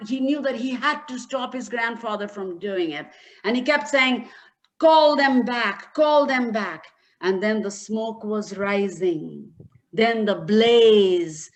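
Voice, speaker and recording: A woman telling a folktale aloud with dramatic, animated delivery. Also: fairly high pitch. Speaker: storyteller. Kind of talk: spoken storytelling.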